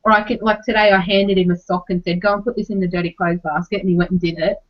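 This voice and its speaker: A young Australian woman chatting casually on a podcast, talking quickly from one story to the next, with an exasperated edge and casual swearing. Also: lowish voice, fairly even intonation. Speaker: podcast co-host. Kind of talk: casual chat. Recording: slightly muffled lo-fi audio.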